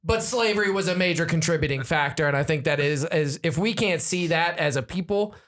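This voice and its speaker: A man's voice: a little high, fairly quick, a bit bright. Male co-host, blunt and profane, emphatic casual talk. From American South. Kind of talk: casual podcast chat.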